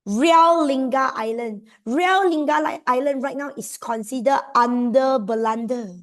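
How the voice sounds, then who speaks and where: A young woman with a Malaysian accent, giving an exam revision lesson in a lively, emphatic way. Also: sits high, unhurried. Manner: lively, emphatic, mixes in local slang particles. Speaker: tutor.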